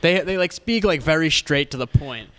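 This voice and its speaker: A man's voice: on the high side, animated, normal speed, fairly bright tone, clean tone. A young man co-hosting a casual comedy show, rambling and laughing often. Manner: rambling, giggly, meandering. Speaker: co-host.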